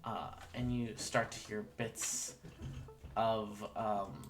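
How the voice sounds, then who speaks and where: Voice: medium pitch, steady tone, takes it slowly, faint music behind. Hesitant game master narrating a tabletop scene. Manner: hesitant narration full of filler "uh"s, laughs often.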